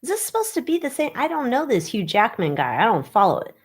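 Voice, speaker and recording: A woman's voice: fairly high pitch, wildly swooping pitch, fast, slightly rough. Female livestream host, sarcastic and gossipy, talking into a webcam. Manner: sarcastic, mocking, gossipy with big exclamations. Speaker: livestream host reading tarot on tabloid stories. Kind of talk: casual gossip livestream chat.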